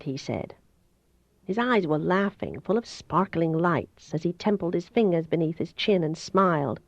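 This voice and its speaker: A woman reading a novel aloud in the first person with steady, even storytelling. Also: sits low, unhurried, dry recording. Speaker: audiobook reader. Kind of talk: first-person audiobook narration. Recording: dull, dry home recording.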